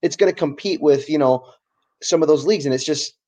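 A man's voice: a little high, fairly quick, dark tone. Enthusiastic man in casual soccer chat. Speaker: podcast co-host.

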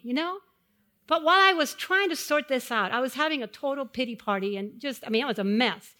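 A middle-aged woman preaching a sermon, telling personal stories to the congregation and swelling louder on key phrases. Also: high-pitched, brisk. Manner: personal storytelling addressed to a congregation.

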